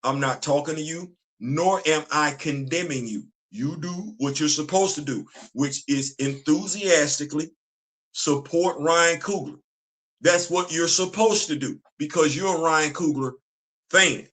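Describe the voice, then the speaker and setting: Emphatic man with a bright voice. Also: a little high, a little slow. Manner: emphatic, repeats phrases for effect. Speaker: commentary channel host. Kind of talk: casual opinion commentary.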